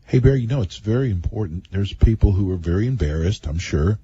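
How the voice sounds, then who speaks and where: A man's voice: lowish voice, lively intonation, fast, dark tone, muffled recording, slight background noise. A male radio talk show host who prompts his guest with friendly questions.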